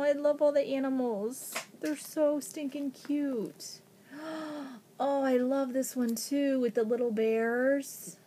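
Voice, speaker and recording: A woman from Ohio in a casual unboxing vlog, gushing with excitement, gasping and thanking a friend over each gift. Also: sits high. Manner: gushing, excited, frequent gasps. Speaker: vlogger.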